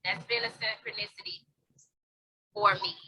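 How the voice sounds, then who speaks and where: A woman's voice: medium pitch, fairly even intonation, normal speed, pushed and bright, breathy edge, rough recording. A woman co-hosting a tarot review, chatting casually at home, laughing often and swearing offhand. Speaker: tarot reader co-host. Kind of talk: casual chat. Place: home near an airport.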